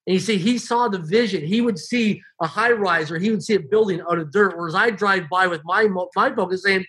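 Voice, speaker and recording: A man with a high, bright voice and a husky edge, telling stories about his own life as an interview guest. He talks in an animated, emphatic way. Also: a little fast, few pauses. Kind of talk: casual storytelling.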